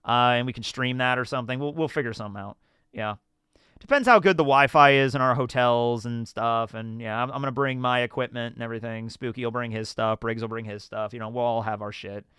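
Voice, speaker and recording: A man talking on a casual live stream, his voice bright and smooth. He rambles through questions and stories and gets animated along the way. The sound is dry and close to the mic. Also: medium pitch, fairly quick, no echo. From United States. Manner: rambling, animated storytelling with laughs.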